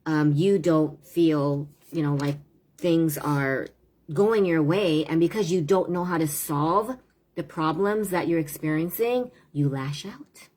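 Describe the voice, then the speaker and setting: Woman, tutor type, low husky voice, earnest casual live-stream advice. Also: slow pace, darkish tone. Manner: earnest, conversational, often asks "right?". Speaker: tutor and parenting speaker.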